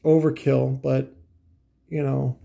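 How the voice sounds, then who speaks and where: Gravelly, dark-voiced man ranting casually. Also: mid-range voice, level tone, takes it slowly. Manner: profane, sarcastic, full of asides. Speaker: host. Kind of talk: casual rambling commentary.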